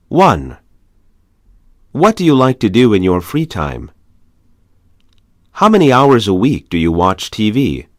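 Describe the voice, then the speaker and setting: A lower-voiced man reads conversation questions aloud for a language course, his pitch rising and falling widely with each question. The delivery is measured and clear. The sound is close and dry, with no room around it. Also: no echo. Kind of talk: scripted reading of practice questions.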